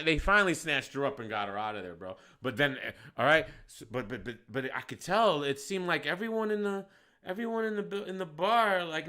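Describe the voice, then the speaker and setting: Man, bar owner, animated storytelling, profane, emphatic, high voice, bright tone. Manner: profane, emphatic, laughs while telling.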